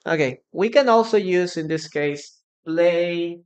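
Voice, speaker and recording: Slow, patient Peruvian-accented male teacher. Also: sits high. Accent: Peruvian Spanish. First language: Spanish. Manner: repeats phrases slowly for practice, answers viewers' comments. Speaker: English teacher. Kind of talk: live online English lesson.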